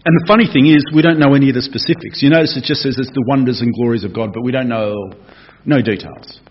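A man preaching a conversational, animated expository sermon. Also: mid-range voice, fast. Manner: animated, conversational, acts out voices. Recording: dull lo-fi recording.

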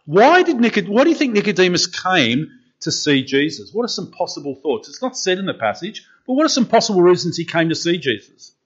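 A man's voice: sits high, very animated, brisk, hardly any pauses, fairly bright tone, husky. A man preaching a conversational sermon as pastor, questioning the congregation and repeating phrases as he thinks aloud. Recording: dull lo-fi recording.

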